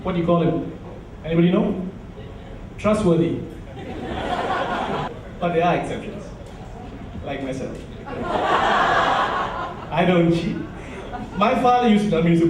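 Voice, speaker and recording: A man from Malaysia working a club crowd with stand-up comedy. His voice sits high and delivery is punchy, often dropping into low asides. He is heard from far across a very echoey room, with a noisy crowd hum behind. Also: animated, measured pace, pauses often. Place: nightclub stage.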